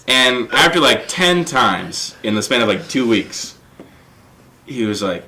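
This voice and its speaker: A male stand-up comic guest with a mid-pitched voice that leaps wildly up and down, chatting casually and cracking himself up. Clear background noise runs under the recording. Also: wildly swooping pitch, takes it slowly, long pauses. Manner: playful, laughs at his own jokes. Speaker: guest comedian. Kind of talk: casual comedic chat.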